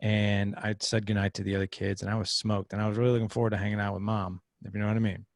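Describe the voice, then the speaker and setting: A man in his thirties talks as a podcast guest, his voice low and rough with vocal fry. He tells a story with energy and acts out the other voices in it. The sound is dry and close, with no room echo. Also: fast talker. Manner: animated storyteller acting out quoted voices. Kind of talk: casual interview storytelling.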